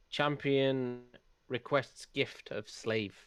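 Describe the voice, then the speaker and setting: A man playing in a tabletop game, speaking his character's lines in a measured, wry way. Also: fairly low pitch, fairly bright tone, clear, resonant tone, no echo. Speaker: player.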